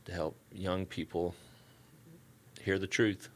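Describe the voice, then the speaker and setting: A middle-aged man with a Southern US accent, a church staff member telling relaxed, folksy stories in an interview and acting out the dialogue. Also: sits low, slow. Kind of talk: casual storytelling interview.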